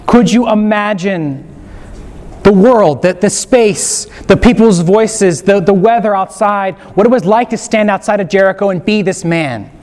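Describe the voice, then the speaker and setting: A man leading a gentle, inviting guided meditation on Scripture as a preacher. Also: high-pitched, unhurried. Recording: long hall reverb.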